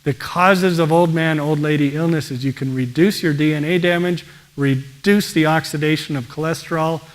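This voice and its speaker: A man, a pediatrician, giving an energetic presentation and often exclaiming in wonder. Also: on the high side, moderate pace. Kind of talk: enthusiastic presentation talk.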